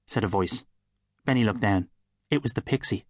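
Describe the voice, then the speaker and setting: A man with an Irish accent narrating a children's audiobook in a wry, lively way. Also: fairly low pitch, normal speed, no room sound, clean studio sound.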